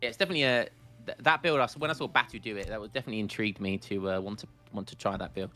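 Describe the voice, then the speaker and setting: A man casting a live strategy game, excitable and joking, with frequent restarts. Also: on the low side, rapid-fire, soft background music. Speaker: esports caster.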